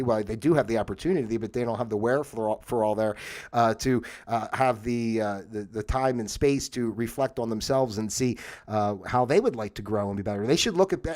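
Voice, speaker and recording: A man's voice: medium pitch, a little mellow. A man hosting a livestream, talking through ideas in a rambling, reflective way with many fillers and restarts. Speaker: host. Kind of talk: casual livestream monologue.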